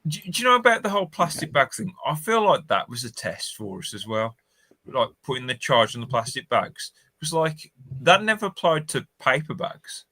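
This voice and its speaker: Husky, bright-voiced guy chatting. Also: on the high side, sing-song, normal speed. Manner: casual, opinionated, swears. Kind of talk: casual chat.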